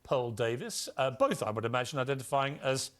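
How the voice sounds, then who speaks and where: A man's voice: mid-range voice, lively intonation, brisk, fairly bright tone. A man hosting a TV studio debate, speaking emphatically and cutting in on his guests. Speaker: TV host.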